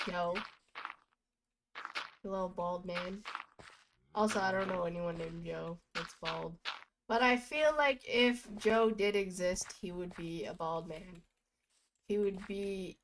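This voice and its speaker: Young woman streamer rambling slow and goofy, faint hiss behind. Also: mid-range voice. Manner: chatty, goofy storytelling with bursts of laughter. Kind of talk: rambling casual chat while gaming.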